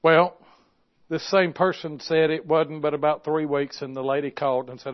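High-voiced guy preaching, stories told soft then shouting them home, muffled old recording. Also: little pitch movement, moderate pace. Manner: swings from hushed storytelling to loud impassioned preaching. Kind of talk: sermon with stories. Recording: dull lo-fi recording.

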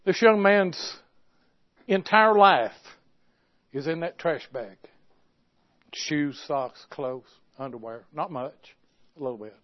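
Male preacher, high voice, swings between hushed and loud, dull lo-fi recording. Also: slow pace, pauses often. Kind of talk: sermon with stories.

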